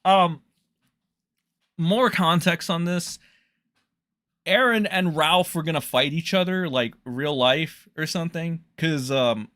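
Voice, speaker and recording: A man's voice: fairly high pitch, fairly bright tone, dry recording, studio quality. A man ranting in a casual commentary, profane, scornful and rambling.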